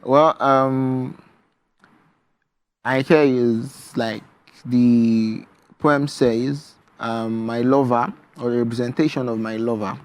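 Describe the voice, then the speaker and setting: A young man with a Nigerian English accent, a guest author talking about his poetry on a morning TV show in a measured, reflective way. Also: mid-range voice, fairly even intonation. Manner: measured, reflective, with frequent ums. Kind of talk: TV interview, reading his poetry.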